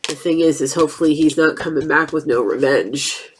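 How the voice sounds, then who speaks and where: A woman's voice: sits low, fairly quick, a little hiss or hum. A woman giving a casual tarot reading, chatty and blunt, with a stuffed-up nose. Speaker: tarot reader.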